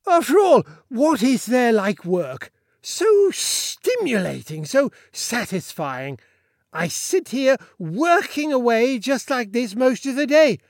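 Man reading as a pompous little Sultan, high voice, big swings of pitch, dry sound. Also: sing-song, slow pace, no echo, heavily acted. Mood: boastful. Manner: grandiose, bossy and cheerfully self-satisfied. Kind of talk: audiobook character voice.

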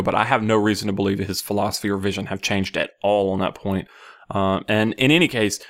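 Giggly, lower-voiced man hosting a gaming podcast. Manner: giggly, laughing often, loose and profane. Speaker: podcast host. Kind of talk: casual gaming news podcast.

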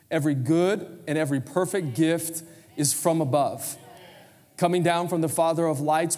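Energetic pastor preaching in reverberant hall. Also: male voice, a little high. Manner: conversational, energetic preaching with audience prompts. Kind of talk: sermon. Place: church sanctuary.

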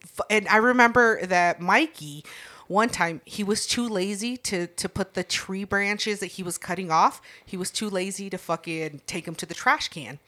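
A woman telling stories in a casual chat, cursing constantly and acting out the people in them. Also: mid-range voice. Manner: profane, animated, acts out voices.

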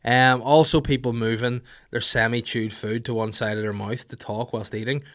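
A Northern Irish man in his thirties holds forth on his podcast, joking and ranting about pet peeves. His voice sits in an ordinary middle register, and he slips into quick voices to act out little scenes. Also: mid-range voice. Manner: animated, jokey, acts out little scenes with voices. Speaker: podcast host. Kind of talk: casual comedic rant.

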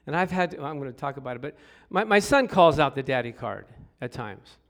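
A middle-aged man preaching a sermon, telling stories with hushed asides and sudden loud exclamations, and calling out for responses from the congregation. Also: mid-range voice, moderate pace. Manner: animated storytelling, swings from hushed to loud exclamations. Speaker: pastor.

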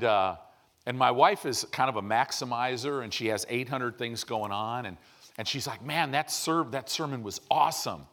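A middle-aged pastor preaches in a conversational style, regularly checking in with his congregation and tagging lines with "right?". His voice is medium-pitched and a bit bright.

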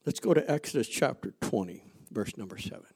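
A man's voice: fairly low pitch, animated, fairly quick, creaky, slightly rough. Emphatic male preacher. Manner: emphatic preaching with rhetorical questions and anecdotes; swings between loud emphasis and quiet asides. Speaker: pastor. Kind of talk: sermon.

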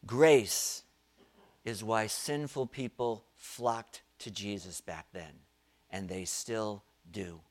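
A man preaching a sermon, telling a story with dramatic pauses and rising swells of volume. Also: on the low side. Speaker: pastor.

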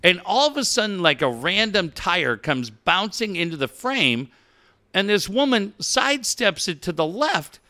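Lively, bright-voiced middle-aged male host. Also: sits high, measured pace. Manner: animated storyteller, swears casually. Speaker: radio show co-host. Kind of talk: casual chat.

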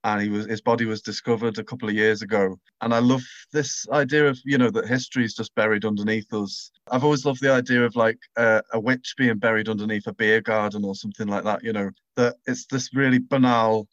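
A man's voice: fairly low pitch, fairly even intonation, fairly quick, few pauses, a bit bright, dry recording. A man chatting casually and enthusiastically, rambling through his ideas. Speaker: writer and panelist. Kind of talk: casual chat. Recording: dull lo-fi mic.

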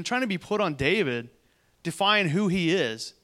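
Bright-voiced man preaching conversationally. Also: fairly high pitch, lively intonation. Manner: conversational, quick asides between read passages. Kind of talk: sermon reading and commenting on scripture.

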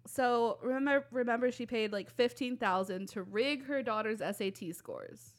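A woman's voice: on the high side, moderate pace. Chatty young woman co-host. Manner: chatty, lots of "like", laughs often. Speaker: podcast co-host. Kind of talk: casual chat.

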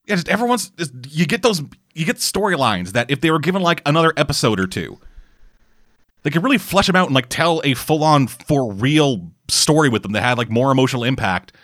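Foul-mouthed podcast co-host with a lively, ranting, swearing delivery and a dry close sound. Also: male voice, fairly high pitch, brisk, no echo. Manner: ranting, heavy swearing, animated. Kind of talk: casual chat.

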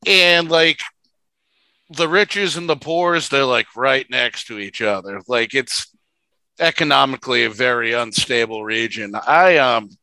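A man's voice: medium pitch, measured pace, sharp tone, no room sound, poor audio. A man co-hosting a casual podcast over a video call, joking and swearing freely. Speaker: podcast co-host.

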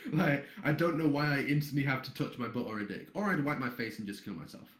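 A man's voice: mid-range voice, brisk, a bit bright, echoey room. A man who moderates a site, chatting bluntly on a podcast and swearing freely as he rambles along. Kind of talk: casual podcast chat.

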